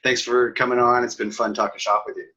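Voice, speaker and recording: A man's voice: mid-range voice, flat delivery, fast talker, bright, forceful tone. A Canadian man hosting a podcast, easygoing and laughing, with lots of fillers as he chats. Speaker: podcast host. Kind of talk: casual interview chat. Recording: dull lo-fi audio.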